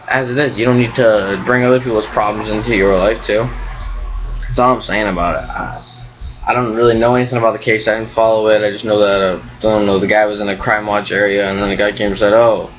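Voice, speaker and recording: A man's voice: lowish voice, fairly even intonation, quick pace, muffled recording, soft background music. A young man vlogging in a rambling, profane, ranting way. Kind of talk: casual rambling vlog.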